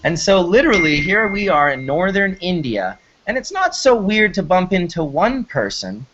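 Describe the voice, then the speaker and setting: A man's voice: high-pitched, big pitch swings, normal speed, noisy background. A man hosting a casual talk show, telling stories in a rambling, enthusiastic way with frequent restarts. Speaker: host. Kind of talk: casual storytelling chat. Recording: slightly muffled lo-fi recording.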